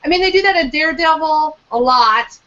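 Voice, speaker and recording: High, eager woman in a book chat. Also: expressive, brisk, bright, forceful tone, lo-fi sound. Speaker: book club co-host. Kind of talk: casual chat.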